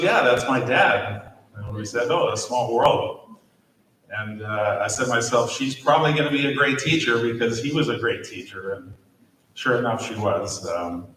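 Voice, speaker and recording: A man in his fifties, a teacher, giving halting, gently humorous memorial remarks with many fillers. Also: medium pitch. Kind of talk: memorial speech. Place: large echoey school room at a podium. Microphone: distant podium mic. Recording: echoey room, distant mic, faint noise.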